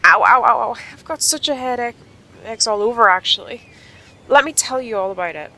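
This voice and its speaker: A woman voicing an injured young woman rider, reading game dialogue aloud in a lively, upbeat voice. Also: a little high, fairly quick, pitched above the performer's own voice, rough recording. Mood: chatty.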